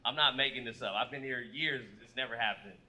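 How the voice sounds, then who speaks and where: A man from Fresno performing a stand-up comedy set, telling stories with loud acted-out quotes on a club stage. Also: medium pitch, a little fast. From Fresno, California. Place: comedy club stage before a live audience.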